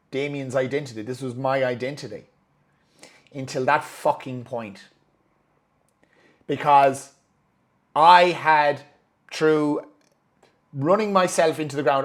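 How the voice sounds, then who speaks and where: A man telling a personal story in a candid, profane and emotional way, acting out his own thoughts as he goes. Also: mid-range voice.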